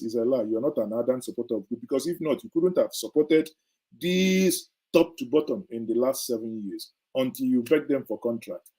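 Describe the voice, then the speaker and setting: A man's voice: mid-range voice, expressive, normal speed, dark tone, husky, poor audio. A middle-aged man gives indignant, sarcastic political commentary as a show host, hammering his points with emphatic repetition.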